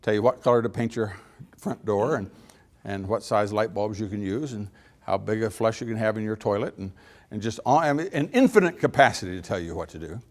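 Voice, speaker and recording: A man's voice: fairly low pitch, fairly quick. A middle-aged man giving a folksy speech, telling stories with acted-out dialogue and chuckling at his own jokes. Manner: animated storyteller, acts out little dialogues, laughs at own jokes. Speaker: speaker.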